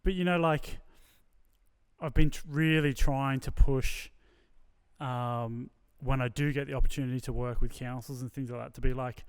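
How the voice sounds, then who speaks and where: A man's voice: mid-range voice, fairly even intonation, normal speed, clear, resonant tone. A man hosting a podcast, chatting thoughtfully and casually with restarts.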